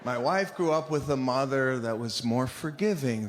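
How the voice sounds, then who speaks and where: A man doing a stand-up routine, ranting in an animated, indignant way that builds to outbursts. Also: medium pitch, normal speed, hardly any pauses, background noise. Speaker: stand-up comedian.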